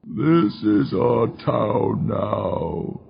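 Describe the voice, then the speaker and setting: A man voicing a tall, many-armed male demon with a low, mournful tone, speaking in a very slow, drawn-out menacing way. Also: vocal fry, slightly rough, dull audio, full character voice. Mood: gloating menace.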